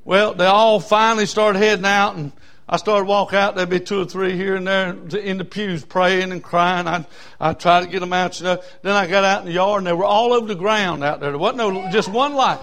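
A man preaching a sermon in a voice that sits high for a man. He tells folksy stories, building from soft asides to full shouts. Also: moderate pace.

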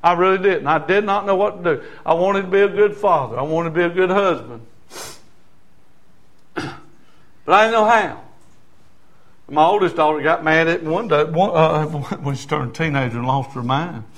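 High-voiced fervent preacher. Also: male voice, normal speed, long pauses, a bit bright. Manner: fervent, calls for amens. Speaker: pastor. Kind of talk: sermon.

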